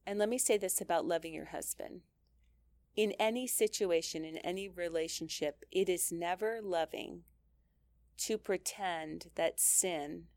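A woman's voice: medium pitch, a little mellow, dry recording. A middle-aged woman giving an earnest, conversational Christian teaching talk, laughing lightly and often restarting her sentences. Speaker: speaker teaching mothers.

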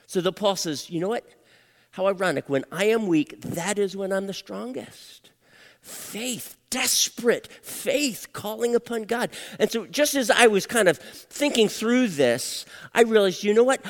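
An older man preaching a sermon and telling a personal story, swinging from hushed whispers to loud, emotional outbursts. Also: sits high, expressive, unhurried. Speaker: pastor. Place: church. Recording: long hall reverb.

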